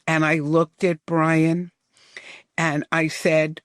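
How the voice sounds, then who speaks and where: A man in his seventies from the New York area, reminiscing in unhurried, detailed storytelling as a podcast guest. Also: fairly high pitch, monotone, a bit bright, no room sound, studio quality. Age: 70s. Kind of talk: storytelling in an interview.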